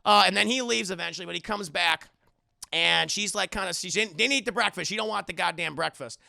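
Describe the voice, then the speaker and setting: A man giving a live-streamed spoiler review, talking to his chat in an animated, rambling way with many restarts. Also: sits high, fairly quick, creaky, no echo, clean studio sound.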